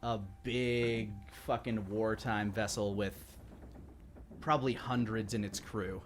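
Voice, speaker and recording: A man's voice: fairly low pitch, steady tone, slow, a little hiss or hum. A man narrating a tabletop pirate game as game master, loose and hesitant with many fillers.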